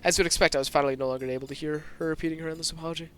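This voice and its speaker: Man, streamer, reading story aloud, very fast, slightly high, tense narration. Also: steady tone, clean tone, dry recording. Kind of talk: dramatic story narration with asides.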